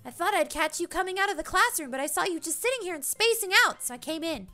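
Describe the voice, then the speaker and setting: A woman doing a bubbly high-pitched schoolgirl. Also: fast talker, soft background music, full character voice. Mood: pleading. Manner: high, excited, whiny. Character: bubbly, clingy teenage schoolgirl.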